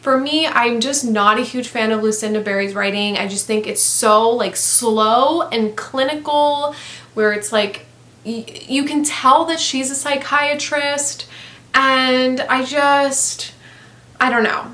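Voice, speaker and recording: A woman's voice: high-pitched, fairly even intonation, slow, pushed and bright, reverberant. Rambling blunt woman book vlogger. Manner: blunt, rambling, swears freely, many fillers. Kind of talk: casual book review chat.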